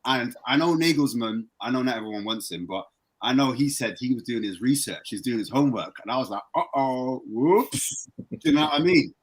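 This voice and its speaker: A fast-talking man appears on a casual podcast as a football fan guest. He's excitable and animated, and his voice jumps higher as he gets worked up.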